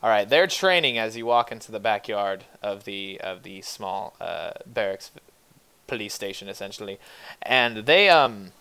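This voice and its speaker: A man running a tabletop game in a bright, forward voice. He narrates casually, rambling a little with fillers as he builds the scene. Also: on the low side, lively intonation, normal speed, clear, resonant tone. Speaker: game master.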